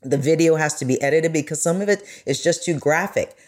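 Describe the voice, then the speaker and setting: A woman journalist speaks as a podcast guest. She talks earnestly and with deep feeling. The conversation is casual. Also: a little fast. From United States. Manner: earnest, growing emotional.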